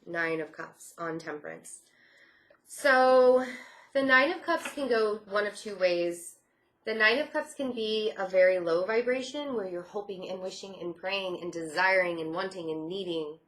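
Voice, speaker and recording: In an unhurried, mid-range voice with a fairly bright tone, a woman gives a casual tarot reading. She is reassuring and repeats herself, often saying she feels things and leaning on "I feel like" fillers.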